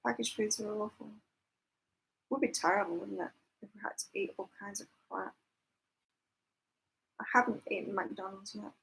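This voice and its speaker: A woman's voice: medium pitch, steady tone, moderate pace, creaky, long pauses, a bit bright, poor audio. A woman hosting a live psychic chat, talking casually with viewers, laughing often and reading out their comments. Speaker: psychic livestream host. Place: temporary lodging, staying away from home.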